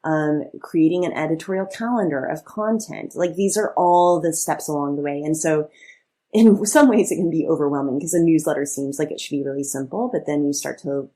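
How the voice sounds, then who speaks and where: A woman in her thirties co-hosts a podcast in relaxed, chatty conversation. Her voice sits low and a little husky. She talks loosely, with plenty of fillers and easy laughter. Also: brisk. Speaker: podcast co-host. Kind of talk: casual chat.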